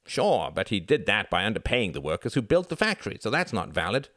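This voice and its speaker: A man's voice: fairly low pitch, big pitch swings, brisk, fairly bright tone, no room sound, studio quality. A man voicing a condescending young male student who lectures confidently on Marxism. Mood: lecturing.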